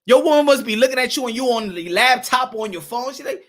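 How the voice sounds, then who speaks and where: A man rants in a vlog, heated and profane. His voice is high and bright, and he swings between shouting and muttering. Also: lively intonation, fast talker, few pauses. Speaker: boxing commentator. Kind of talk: ranting vlog commentary.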